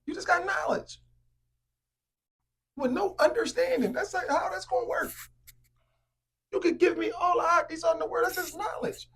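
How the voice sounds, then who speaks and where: A man in casual chat as a podcast co-host, animated and rambling, full of slang and restarts. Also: very high-pitched, normal speed, vocal fry, pauses often.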